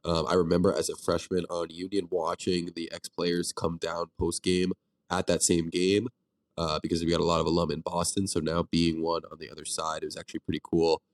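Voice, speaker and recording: A man's voice: sits low, completely flat delivery, a little fast, no echo. A young man in his twenties co-hosting a podcast in casual chat, his voice nasal and congested from a flu. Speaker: podcast co-host.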